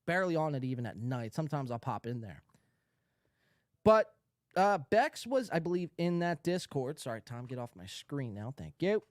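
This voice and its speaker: Sarcastic, profane and rambling, a podcast host rants in a voice on the high side with big pitch swings, speaking at a moderate pace. The sound is dry and studio quality.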